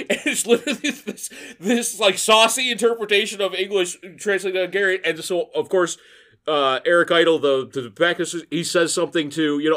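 A man's voice: on the high side, moderate pace. A man co-hosting a podcast, chatting casually and acting out comedy sketches with laughter and swearing. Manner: animated, acts out quoted lines, laughs often, swears. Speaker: podcast co-host.

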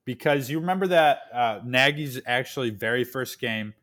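A young man co-hosting a casual sports podcast, sarcastic and rambling, dropping into low mumbled asides. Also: expressive, moderate pace, a bit bright.

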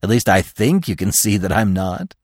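A man's voice: on the low side, normal speed, dry recording, studio quality. A man voicing a boastful, cheerful young male deer in a storybook reading. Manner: boastful, lively.

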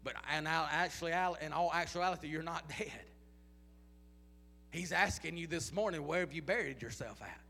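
A male preacher with a high, gravelly voice delivers his sermon through driving repeated questions. His tone is bright and edged. The sound carries the long reverb of a large church hall. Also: normal speed. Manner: repetitive rhetorical questions, rising to chanted intensity.

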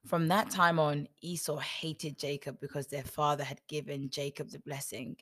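A woman's voice: low voice, flat delivery, normal speed, few pauses, fairly bright tone, breathy edge. A woman reading a Bible story aloud and stopping to make wry, joking comments. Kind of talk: storytelling with sarcastic asides.

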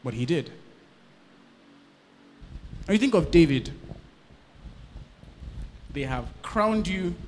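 A male pastor preaching a sermon, swinging from loud bursts to hushed lines and checking in with his congregation. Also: a little high, in a large hall.

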